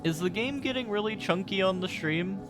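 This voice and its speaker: A man's voice: high voice, brisk, over music. A man streaming a game, rambling and joking with his chat in casual commentary. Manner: rambling, jokey, talks to chat.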